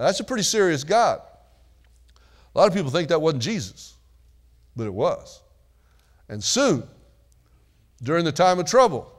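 A man preaching a sermon in a conversational, folksy way, with asides and calls for amens to the congregation. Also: medium pitch. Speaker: pastor.

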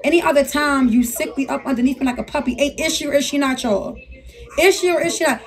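A woman's voice: sits high, fast. A woman hosting a casual live stream, brash and profane, ranting to her viewers.

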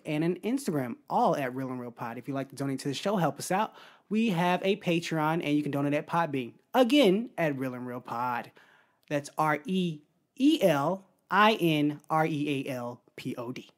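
A woman's voice: deep voice, lively intonation, moderate pace. A young woman co-hosting a laid-back podcast chat. She talks freely, laughs often and slips into playful acted-out bits as she goes. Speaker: podcast co-host. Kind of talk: casual chat.

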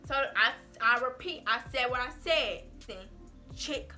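A woman vlogger tells a story in a casual, sassy, animated way, her voice very bright and a bit high. Soft music plays faintly behind her. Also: unhurried. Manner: animated, sassy, full of "like" and "baby".

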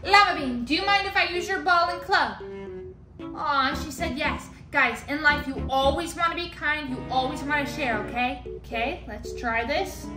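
A young woman vlogging, playfully talking to her toy llamas and cheering them on in a bubbly, animated way. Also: sits high, normal speed. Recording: echoey room with music behind.

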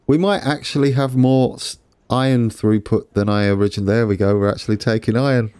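A man with a medium-pitched, fairly quick, smooth and darkish voice hosts a let's play. He chats casually with viewers and pokes fun at his own mistakes while fixing trains, keeping the gameplay commentary relaxed and self-deprecating.

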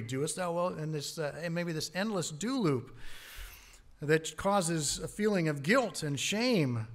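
A man preaching a sermon as pastor, earnest, rising on key words and dropping low on asides. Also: animated, normal speed.

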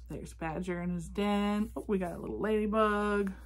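A woman reading a picture book aloud to children, gently asking them questions about the pictures. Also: mid-range voice, steady tone, moderate pace. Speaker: children's storybook reader.

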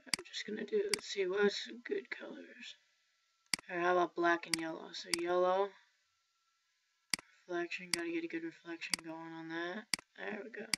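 Woman, casual screen-recording tutor, chatty and filler-heavy, faint hiss and mouse clicks behind. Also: on the low side. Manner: rambling, self-correcting, filler-heavy. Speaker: software tutorial maker. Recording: dull lo-fi mic with faint noise.

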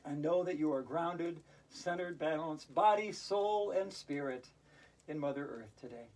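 A woman teaching a hula hoop yoga class, playful and chatty, breaking into sing-song rhymes and laughing out loud on cue. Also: sits low, measured pace. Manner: chants rhyming verses in a sing-song. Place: indoors while it snows outside. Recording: voice from a distance off the mic.

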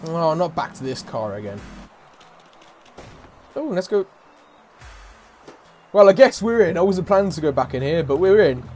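A man commentating a game, loud and mocking, swearing and taunting characters. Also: a little high, very animated, normal speed, pauses often. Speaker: gaming YouTuber. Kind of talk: let's play commentary. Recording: game music faint behind.

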